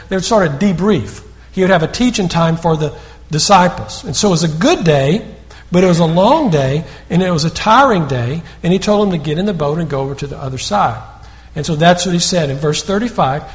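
A man's voice: fairly high pitch, lively intonation, a little fast. A man preaching a sermon in a conversational storytelling way, often repeating words and restarting sentences.

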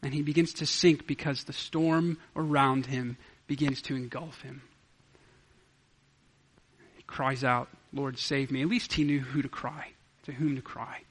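A man preaching a sermon as pastor, swinging from loud declarations to hushed asides. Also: medium pitch, steady tone, unhurried, pauses often, husky.

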